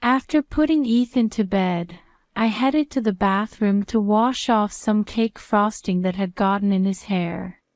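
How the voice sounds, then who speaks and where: A woman narrating a first-person story in a calm, measured way. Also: medium pitch, dry recording, studio quality.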